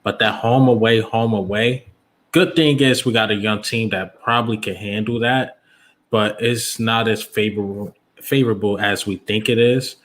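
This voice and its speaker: A man, giving measured sports analysis point by point. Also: on the low side, steady tone, fairly bright tone.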